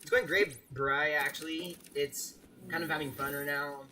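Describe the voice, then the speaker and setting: A man's voice: a little high, steady tone, normal speed, pushed and bright, slight background noise. A young man streaming a game live, chatting casually and teasing his viewers. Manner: playful, teasing, restarts often, laughs at chat.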